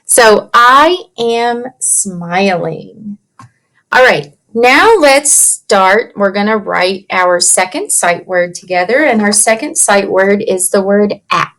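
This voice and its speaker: A woman teaching young children a writing lesson from her computer, slowly and patiently sounding out letters and words. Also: medium pitch, expressive, fairly bright tone. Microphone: computer mic.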